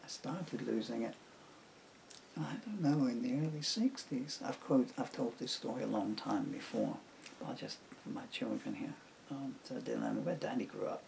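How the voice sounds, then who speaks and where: A man's voice: mid-range voice, fairly even intonation, normal speed, creaky, darkish tone, slight background noise, rough recording. An older man from England, reminiscing on camera at home in a meandering way, full of fillers and asides. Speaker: songwriter talking to camera. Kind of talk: rambling personal reminiscence. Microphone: camera mic.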